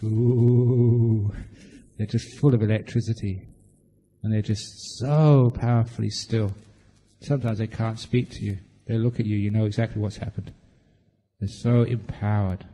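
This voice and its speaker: Mellow-voiced monk guy doing meditation q&a, jokey and laid back, lots of hall echo. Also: mid-range voice, slightly rough. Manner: playful, humorous and relaxed. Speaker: Buddhist monk and meditation teacher. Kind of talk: meditation retreat Q&A teaching. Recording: long hall reverb.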